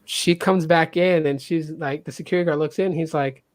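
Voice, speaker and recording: A man with an animated way of telling a story, who acts out the people he quotes. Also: moderate pace, no room sound. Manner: animated, acts out quotes with jumps in pitch and loudness. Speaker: podcast host. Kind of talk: casual storytelling.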